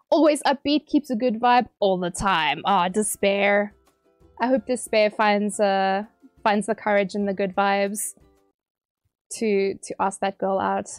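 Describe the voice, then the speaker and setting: A woman streamer reading out viewer messages on a livestream, teary and emotional, bubbly and quick to laugh. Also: medium pitch, no room sound, studio quality.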